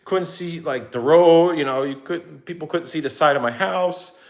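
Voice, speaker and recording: A man's voice: on the high side, moderate pace. A middle-aged man ranting in a casual, rambling way to his viewers, acting out what others said. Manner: animated, rambling, acts out quotes. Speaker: vlogger.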